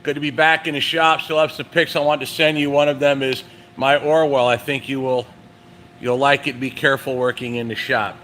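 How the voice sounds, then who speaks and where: A man's voice: mid-range voice, level tone, fairly quick, a bit bright. A man hosting a live stream from his truck repair shop, chatting casually and reading viewer comments aloud. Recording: echoey shop with machine hum.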